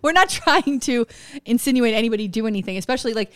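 A woman's voice: on the high side, animated, fast talker, a bit bright, dry recording, clean studio sound. Brash, laughing woman from Florida. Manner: brash, profane storyteller who laughs often. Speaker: podcast co-host. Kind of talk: casual podcast chat.

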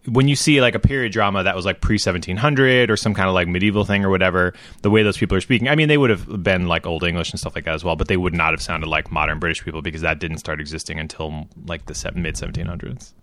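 A man's voice: low-pitched, no echo. An American man co-hosting a podcast, rambling casually and laughing easily. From United States. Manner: rambling, animated, quick laughs. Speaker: podcast co-host.

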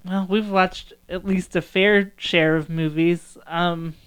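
Chatty woman with a smooth voice. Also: fairly low pitch, fairly even intonation, slow. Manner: chatty, laughs often, trails off mid-sentence. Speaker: podcast co-host. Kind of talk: casual chat reviewing movies.

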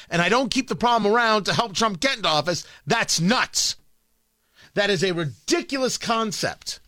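A man hosts a talk radio show from a studio, his voice pitched high and bright against a dry, close microphone. He argues in short, combative bursts and hammers the same demand again and again. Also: no echo. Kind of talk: opinionated talk radio monologue.

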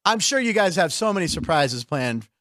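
A middle-aged man from Pittsburgh hosting a casual comedic radio chat, rambling with jokes and quick asides. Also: on the high side, very animated, a bit bright, no echo, studio quality. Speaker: host.

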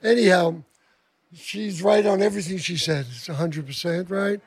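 An older man beginning a story on stage, starting and stopping with frequent pauses. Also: high voice, slightly rough, no room sound. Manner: halting, with many uh fillers. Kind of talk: live storytelling.

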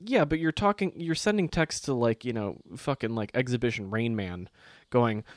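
A man's voice: mid-range voice, moderate pace, dry recording, clean studio sound. A man co-hosting a podcast in casual chat, telling stories with a sarcastic, profane edge. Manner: profane, sarcastic, animated storytelling. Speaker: podcast co-host.

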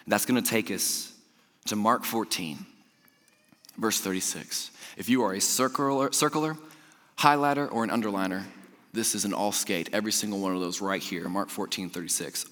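A young man preaching a sermon, telling stories with animated energy, then dropping to a soft, slow hush for scripture. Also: lowish voice. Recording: long hall reverb.

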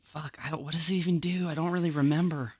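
A woman's voice: deep voice, steady tone, quick pace, a little mellow, breathy edge, dry recording. A woman guest-hosting a podcast in casual chat, playful and teasing. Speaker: guest host.

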